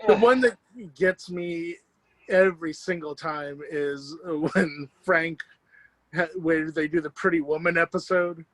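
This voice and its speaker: Chuckling high-pitched man in a dry room. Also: a little slow, a bit bright, dry recording, rough recording. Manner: playful, chuckling storyteller. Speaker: podcast co-host. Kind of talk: casual chat.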